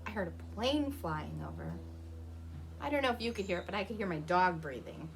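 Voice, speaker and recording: A woman's voice: on the low side, animated, fairly quick. A woman reading a picture book aloud to young children at home, stopping to ask them questions and imitate animal sounds. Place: her home.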